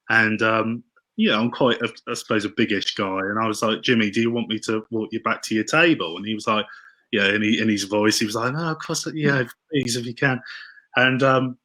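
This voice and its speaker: A man telling stories as a podcast guest, excitable and tripping over his words. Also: fairly low pitch, rough recording. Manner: excitable, tumbling restarts. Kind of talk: casual storytelling interview.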